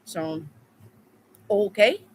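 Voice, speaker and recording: A woman's voice: medium pitch, animated, extremely slow, slightly rough, rough recording. A woman reading tarot in a casual live stream, telling stories bluntly with plenty of swearing. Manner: blunt, profane storytelling. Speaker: tarot reader.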